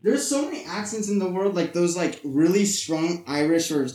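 A man's voice: sits high, very animated, moderate pace, darkish tone, echoey room, distant mic, poor audio. A young man rambles through casual podcast talk, leaning on filler words. He sits away from the mic, and the garage gives his voice a hollow ring. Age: young adult. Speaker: podcast co-host.

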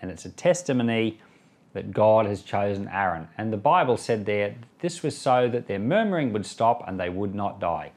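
In a fairly low, expressive voice at a moderate pace, a pastor reads scripture aloud and follows with chatty commentary, sometimes performing the voices of those he quotes.

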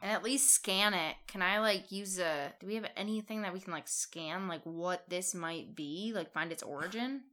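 A woman's voice: fairly low pitch, normal speed, hardly any pauses. A woman playing a tabletop game, eager and full of questions. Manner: eager, animated, asking questions. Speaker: player. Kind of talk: casual tabletop play.

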